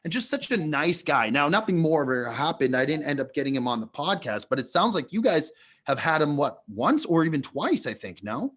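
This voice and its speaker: A man's voice: fairly high pitch, very animated, fairly quick, a bit bright. A man co-hosting a podcast, telling a long story in a casual, rambling way. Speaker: podcast co-host.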